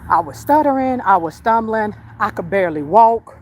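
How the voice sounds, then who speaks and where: Woman host, walk-and-talk livestream, lively slangy storyteller, faint traffic behind. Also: mid-range voice, moderate pace. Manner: chatty, animated retelling with slang and swearing. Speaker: psychic medium and livestream host. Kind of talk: casual live storytelling. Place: outdoors, walking.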